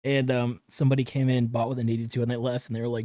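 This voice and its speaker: A man's voice: mid-range voice, fairly even intonation, darkish tone, no room sound, studio quality. A young man co-hosting a podcast, chatting casually, swearing and joking. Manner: swearing, joking, does quick impressions. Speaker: podcast co-host. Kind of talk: casual chat.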